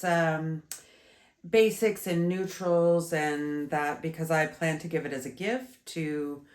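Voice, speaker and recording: A woman in her thirties reviews yarn in a slow, unhurried ramble, full of ums and restarts. Her voice sits low and sounds a little stuffy. The recording carries a roomy echo. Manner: chatty, meandering, with many fillers and restarts. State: stuffy, congested. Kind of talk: casual video review.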